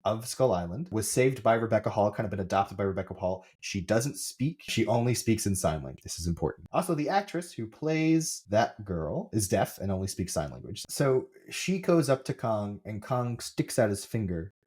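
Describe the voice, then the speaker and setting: A man's voice: on the low side, moderate pace, few pauses, breathy edge. A man hosting a podcast, retelling a movie in casual chat and acting out the characters' lines. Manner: animated, acts out characters' lines while retelling. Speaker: podcast host.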